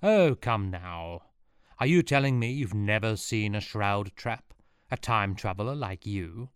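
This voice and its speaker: A man's voice: on the low side, animated, measured pace, smooth, dry recording, clean studio sound. A man doing a sneering Roman villain. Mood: gloating. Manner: gloating, cruel laughter.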